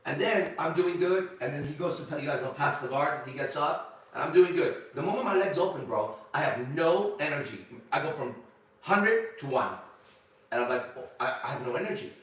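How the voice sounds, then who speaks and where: A man telling a story to a small group in a profane, animated way, with sudden shouts. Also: a little high, normal speed, far from the mic. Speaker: ministry leader. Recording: echoey room, voice off-mic.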